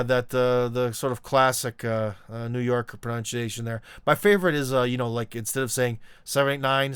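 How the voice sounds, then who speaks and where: A man's voice: medium pitch, fairly even intonation, brisk, hardly any pauses, clean tone, no echo. A man hosting a live call-in stream, talking casually. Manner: rambling, many fillers, laughs mid-sentence. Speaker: show host taking callers.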